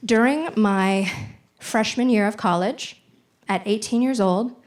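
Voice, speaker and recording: A woman's voice: medium pitch, measured pace, slight background noise. A young adult woman performing stand-up comedy on a theater stage, telling a story and acting out the dialogue. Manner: animated, acts out dialogue in voices.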